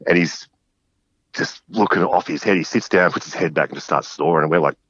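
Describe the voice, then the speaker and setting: A man, a musician guest, telling animated stories with frequent laughs and impressions of people. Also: deep voice, a little fast, breathy edge, dry recording, muffled recording. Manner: animated anecdotes, laughs often, mimics people. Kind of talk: casual storytelling chat.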